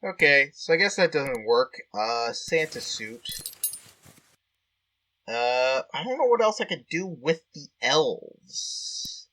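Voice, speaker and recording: Man, let's-play commentary, chatty, amused, bright tone, lively pitch. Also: slow. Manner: chatty, easily amused, thinks aloud. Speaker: game player. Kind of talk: let's-play commentary and reading game text.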